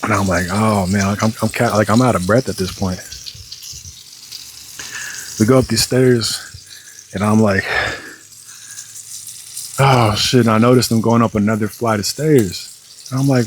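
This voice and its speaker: A young man with a lowish voice rambles through a story as he cooks at home, swearing freely and sounding fed up. Frying food and faint noise sit behind him in the kitchen. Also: fairly even intonation, moderate pace, long pauses, poor audio. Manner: profane, exasperated storytelling with lots of fillers. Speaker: vlogger. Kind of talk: casual storytelling vlog while cooking.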